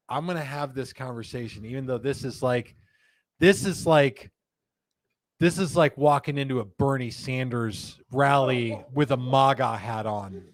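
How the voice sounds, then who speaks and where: A man hosting a live stream, talking in a chatty, rambling and animated way. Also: medium pitch, takes it slowly, long pauses, no echo. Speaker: host.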